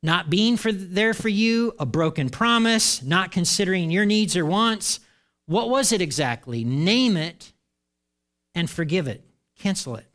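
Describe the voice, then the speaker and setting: A middle-aged pastor preaches to his congregation in a high, bright voice at a slightly slow pace. He's animated and slips into the voices of the people he quotes.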